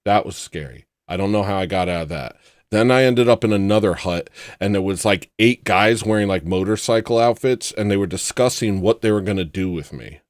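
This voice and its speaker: A man hosting a livestream, telling a rambling personal story in a casual way and acting out the people in it with loud put-on voices. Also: lowish voice, fairly quick, dry recording, studio quality. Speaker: livestream host.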